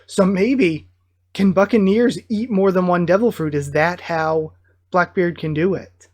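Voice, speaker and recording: Excitable reaction host reading a comic chapter out loud, gets hyped a lot. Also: mid-range voice, unhurried. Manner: excitable, bursts of enthusiasm between plain read-aloud passages. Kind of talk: live reaction while reading aloud.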